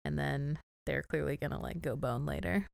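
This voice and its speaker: A woman with a fairly low, gravelly voice co-hosts a casual podcast, teasing and cracking jokes as she recaps a film. The sound is dry and close, with no room echo. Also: steady tone, normal speed. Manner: joking, laughs often, cheeky. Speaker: podcast co-host. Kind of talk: casual chat recapping a movie.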